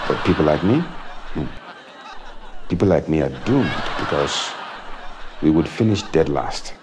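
A man's voice: deep voice, noisy background. A man doing a comic monologue in a wry, self-mocking way, often chuckling. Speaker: comedian.

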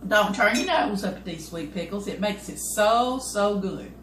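A woman's voice: mid-range voice, animated, moderate pace, a bit bright, slight background noise. An older woman, hosting a home cooking video, chatting folksily with her cameraman as she cooks. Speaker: home cooking channel host. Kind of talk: casual home cooking demonstration. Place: home kitchen. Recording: echoey kitchen with clattering dishes.

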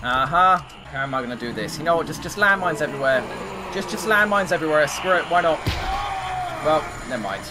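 A man's voice: a little high, expressive, a little fast, background noise. A man giving live commentary over his own gameplay, thinking aloud and swearing at the game in exasperation. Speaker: gaming commentator. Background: game music.

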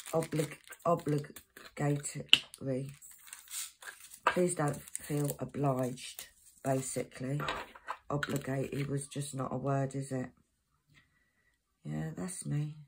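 On her crafting channel, a low-voiced woman chats in a rambling, casual way, calling out codes as she works. The low-quality recording carries slight background noise along with loud crinkling of packets.

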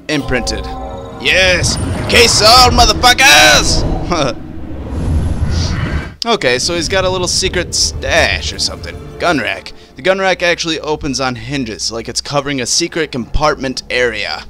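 A man hosting a casual let's-play, commenting over the game in a playful, profane way. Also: medium pitch. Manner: animated, playful and profane, talking over gameplay. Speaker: gaming channel host.

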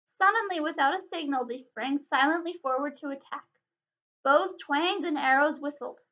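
A woman librarian reading a chapter book aloud in an expressive, dramatic way. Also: sits high, moderate pace. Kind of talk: storybook read-aloud. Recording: dull lo-fi recording.

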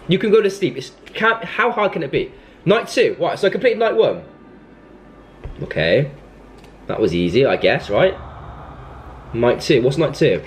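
A man's voice: a little high, a little hiss or hum. A young man commenting on a horror game as he plays, scolding and panicking in turn. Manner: jumpy, panicky outbursts, scolding the game baby. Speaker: gaming YouTuber.

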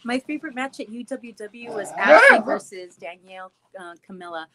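A bubbly, giggly woman hosts a casual live-stream chat with her viewers. Her voice sits fairly high and swings up and down a lot. She keeps laughing as she talks and coos at her dogs in between. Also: animated, moderate pace, heavy background noise. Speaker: show host chatting with viewers.

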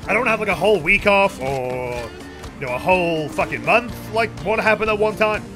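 A man streaming a game, chatting casually with viewers, excitable and swearing freely. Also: sits high, normal speed. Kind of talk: casual gameplay commentary. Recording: game music playing behind.

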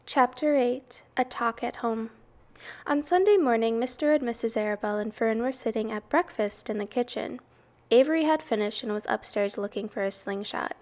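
A woman reading a children's storybook aloud in a measured, expressive way. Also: on the high side. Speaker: reader.

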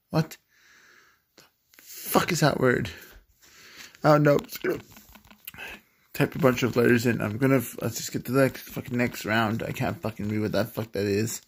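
A slow-talking player chats through a guessing game in casual commentary, halting and stumbling as each word is sounded out. The talk is loose and full of casual swearing, with giggles that turn into coughing fits. The voice sits at a middling pitch. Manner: halting, stumbles over reading words aloud, swears casually. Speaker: gamer playing a search-guessing game.

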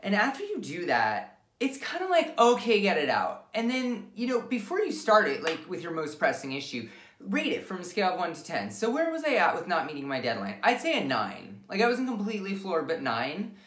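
A woman's voice: on the low side, wildly swooping pitch, fairly quick, a bit bright. A woman casually demonstrating a tapping technique, candid and self-deprecating, swearing freely as she talks herself through the script. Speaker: wellness instructor. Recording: echoey room.

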